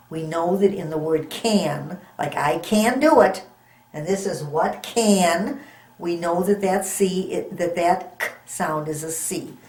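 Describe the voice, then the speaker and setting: A woman teaches beginning readers to spell simple words, sounding each letter out and praising them often. She speaks very slowly, in a voice on the low side. The recording has a roomy echo around her. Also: darkish tone. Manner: slow, patient, encouraging, sounds out letters. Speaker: reading teacher. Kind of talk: phonics lesson for young children.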